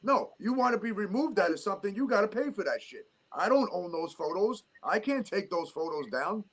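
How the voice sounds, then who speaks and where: Ranting high-voiced New York man. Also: animated, a little fast. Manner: heated ranting with profanity. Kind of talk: casual chat.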